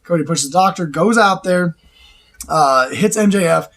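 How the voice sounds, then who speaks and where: A man hosting a casual chat, excitable and rambling, laughing often and restarting his sentences. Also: sits high, moderate pace. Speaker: show host.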